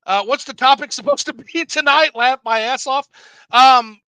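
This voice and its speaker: Male streamer host, high and very bright, dry sound, animated and profane. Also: a little slow, clean tone, dry recording, rough recording. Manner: animated, swears freely, laughs often. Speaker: livestream host reading chat. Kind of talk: casual livestream chat.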